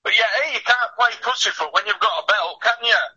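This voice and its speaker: A man with a husky voice, ranting bluntly about boxing in casual radio chat, swearing and scoffing. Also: sits high, a little fast, pushed and bright, lo-fi sound. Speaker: boxing pundit.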